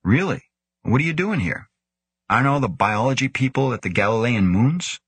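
A man's voice: medium pitch, fairly quick, a bit bright, slightly rough, no echo, pitched above the performer's own voice. Man reading as an earnest young space newcomer. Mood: curious. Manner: earnest, questioning.

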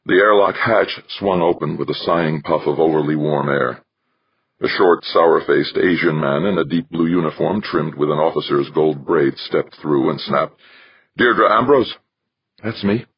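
A man narrating an audiobook in a measured, steady reading. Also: rumbling low, slightly rough, no echo, highs cut off. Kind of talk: scripted narration.

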